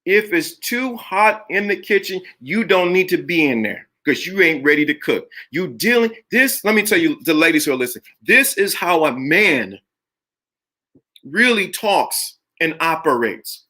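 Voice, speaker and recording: Taking his time, a middle-aged live streamer delivers a very animated motivational talk, preachy and insistent, repeating phrases to drive each point in. His bright voice sits well above the usual male pitch.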